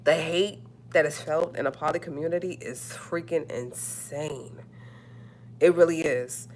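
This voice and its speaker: A woman's voice: deep voice, steady tone, measured pace, a little hiss or hum. Sassy woman ranting on a livestream. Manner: sassy, emphatic, repeats phrases. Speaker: livestream host. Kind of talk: casual livestream rant.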